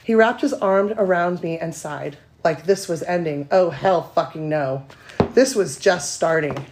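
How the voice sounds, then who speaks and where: Breathy woman reading erotica aloud. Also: lowish voice, measured pace, a little mellow, slight background noise. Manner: self-conscious, giggly between passages. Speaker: guest reader.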